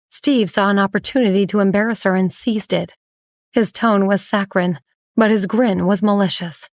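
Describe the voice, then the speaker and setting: A woman reading a romance audiobook in measured, even storytelling on a close mic. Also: medium pitch, no room sound. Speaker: narrator. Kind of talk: scripted audiobook narration.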